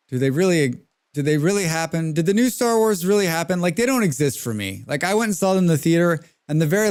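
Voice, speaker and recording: Chatty male streamer, slightly high voice. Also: a little mellow, clean tone. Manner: chatty, ranting, reads out chat names. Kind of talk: casual live-stream commentary while playing.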